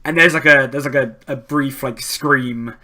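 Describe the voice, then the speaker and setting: A man's voice: mid-range voice, steady tone, moderate pace, pushed and bright. A man narrating a tabletop role-playing game as game master, with lots of hesitant likes and ums.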